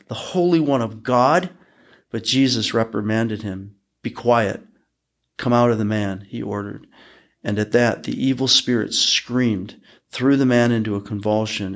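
A man hosting a podcast, reading Bible passages aloud in a measured, even way. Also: lowish voice. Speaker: podcast host reading scripture. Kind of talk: scripture reading.

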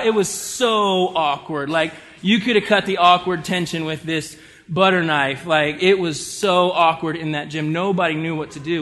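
A man with a high, bright, forceful voice preaches a sermon. He tells stories with lively energy and swings between loud bursts and quiet, soft lines. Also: moderate pace. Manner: storytelling, animated, shifts between loud and soft delivery. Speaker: pastor.

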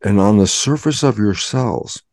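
Older man telling a lively explanatory story. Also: lowish voice, unhurried, vocal fry, no echo, studio quality. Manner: dramatic, acts out both sides of his own dialogues. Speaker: guest scientist.

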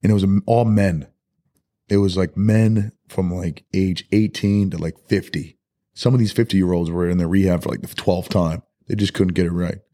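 A man as a podcast guest, telling his life story in a loose, candid way, halting and full of "like" and "dude". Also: sits low, steady tone. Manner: soft-spoken and candid. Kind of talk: personal life story in a casual podcast interview.

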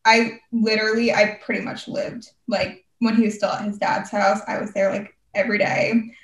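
A woman's voice: mid-range voice, little pitch movement, normal speed. Chatty young woman, roomy and distant. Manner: rambling, heavy use of "like". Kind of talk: casual chat.

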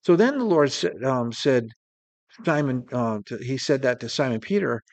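A male preacher delivers a sermon in an earnest, steady voice. He slows right down on the words he wants to land. His mid-range voice sounds dry and close, with no room echo. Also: mid-range voice.

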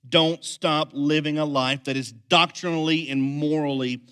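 A man preaching a sermon as pastor, swinging from quiet, intense lines to loud, energetic ones. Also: a little high, unhurried, clear, resonant tone.

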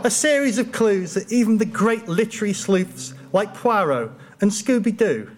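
Wry, deadpan male storyteller. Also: high-pitched, moderate pace, noisy background. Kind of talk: humorous personal storytelling.

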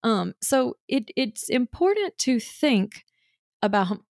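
Woman, parenting mentor, casual teaching, gravelly fry, dry close sound, chatty with fillers. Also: on the high side, very animated, slow pace, no room sound. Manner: chatty, full of examples, frequent "you know" fillers; acts out what a child or mother might say.

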